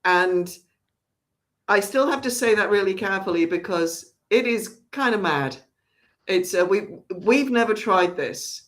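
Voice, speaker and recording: Theatre director, woman, rambling, chatty delivery, mid-pitched voice. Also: animated, unhurried. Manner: chatty, rambling, with frequent restarts. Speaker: artistic director of a theatre company. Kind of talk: casual spoken announcement.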